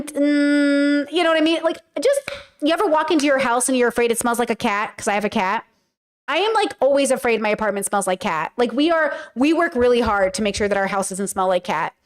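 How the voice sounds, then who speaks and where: A high-voiced woman hosting a casual commentary podcast reacts to a clip. She's chatty and animated, slipping into quick acted-out bits of dialogue.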